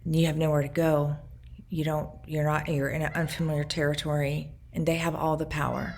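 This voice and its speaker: Low, gravelly-voiced woman journaling. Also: level tone, darkish tone, slight background noise. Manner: earnest, reflective, speaks in short halting phrases. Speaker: vlogger recounting her past. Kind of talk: personal video journal.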